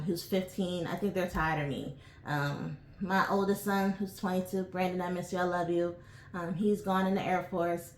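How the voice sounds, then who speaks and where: A woman's voice: lowish voice, a bit bright. A woman in her forties from New York, chatting casually to camera as host of her own channel, rambling with lots of ums and asides. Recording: echoey room.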